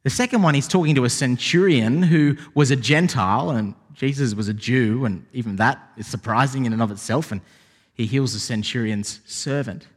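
A man preaching a sermon as pastor, animated and rising to emphatic exclamations. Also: mid-range voice, moderate pace, slightly rough. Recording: long hall reverb.

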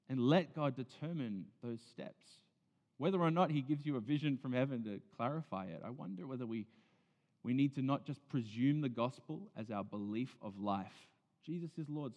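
Male pastor, earnest sermon delivery, hushes to near-whispers then swells; dull, reverberant hall sound. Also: medium pitch, expressive, normal speed.

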